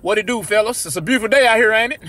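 High, bright-voiced man in a comedy skit. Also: quick pace. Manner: loud and slangy, swings to shouting. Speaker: comedy sketch creator.

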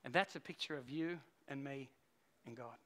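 A middle-aged man, preaching a sermon as a pastor and telling a story, swinging between hushed and loud. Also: mid-range voice, normal speed, slight background noise.

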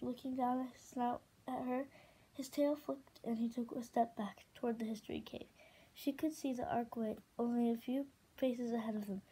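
A woman reading a novel aloud in a steady, expressive way. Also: on the high side, slightly rough, poor audio. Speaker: audiobook reader.

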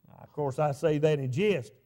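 High-voiced pastor preaching a personal story. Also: male voice, moderate pace, warm tone. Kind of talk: sermon.

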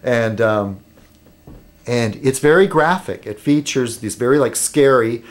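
At medium pitch, a man talks through a loose, wandering home vlog, pausing on fillers and backing up to restart. He comes alive whenever he acts out what other people said.

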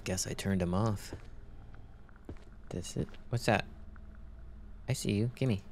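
A man's voice: on the low side, slow pace, darkish tone, a little hiss or hum. A man casually commenting while playing a horror game, rambling, reading game text aloud and swearing when startled. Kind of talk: casual let's-play commentary.

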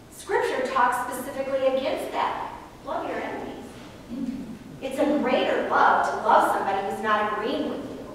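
A woman's voice: fairly high pitch, a little hiss or hum. A woman giving an earnest faith-based parenting talk, often asking the audience to agree. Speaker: parenting speaker. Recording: echoey hall from far off.

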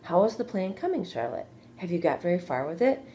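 A woman's voice: big pitch swings, fairly quick, mellow, slight background noise. A woman voicing a young, anxious and eager male pig in a read-aloud storybook, earnest and pleading. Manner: earnest, pleading, higher than her narration.

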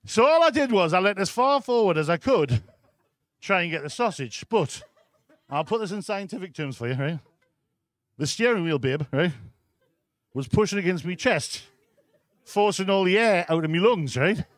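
A man's voice: sits high, animated, moderate pace, long pauses, dry recording. A man with a Geordie accent doing a live stand-up set in a comedy club, telling a crude story with constant "right?" asides to the crowd.

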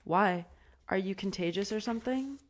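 A woman voicing a bold, quick-tempered teenage girl who fires off sarcastic comebacks. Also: mid-range voice, voice pushed up, natural voice. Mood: angry.

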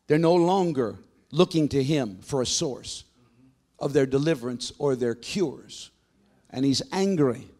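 A man pastor preaching a sermon, telling stories in a dramatic storytelling manner and building to forceful proclamations. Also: medium pitch, expressive, measured pace.

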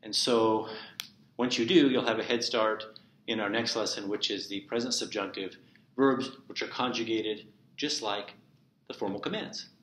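Working step by step through examples and repeating each, a male teacher gives a classroom lecture in a lowish voice at a moderate pace. He's in an empty classroom, and the recording has echo and steady noise.

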